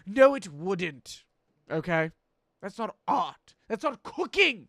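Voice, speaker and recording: A man's voice: high voice, very animated, slow, fairly bright tone, dry recording, studio quality. A man streaming a game, playing a boastful chef persona with theatrical, pompous, profane rants.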